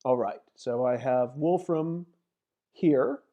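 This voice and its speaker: A woman's voice: very deep voice, slow pace, lo-fi sound. A woman lecturer walking through a math problem on screen, methodically thinking aloud as she types and reads out long numbers. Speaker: mathematics lecturer. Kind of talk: screen-recorded lecture walkthrough.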